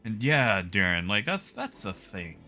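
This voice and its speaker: A man's voice: lowish voice, sing-song, measured pace, bright, forceful tone, soft background music. A man streaming a game live, chatting casually with his viewers by name while he plays.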